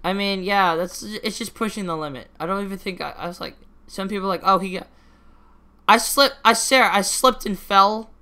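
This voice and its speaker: A man's voice: sits high, brisk, pushed and bright. A teenage boy hosting his own podcast in casual solo chat, rambling with many restarts and casual swearing. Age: teens. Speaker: podcast host.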